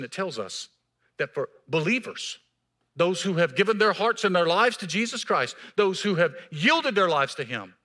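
With a fairly high-pitched voice, this man preaches as pastor in a church, forceful and emphatic, alternating raised stretches with hushed, quiet lines.

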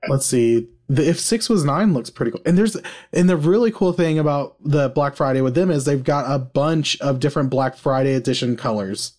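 A man co-hosting a casual podcast, excitable and jokey, laughing often. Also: medium pitch, moderate pace. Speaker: podcast co-host. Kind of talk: casual chat.

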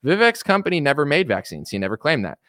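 A man giving casual political commentary on a stream, animated and mocking, acting out the people he quotes. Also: fairly high pitch, quick pace, no room sound, studio quality.

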